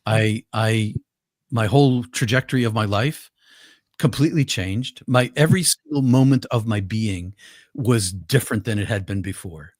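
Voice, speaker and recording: This guest is an older man whose fairly low, slightly mellow voice moves at a moderate pace. He shares a personal story with earnestness and vivid detail, restarting often and repeating words. It's studio-quality audio without echo.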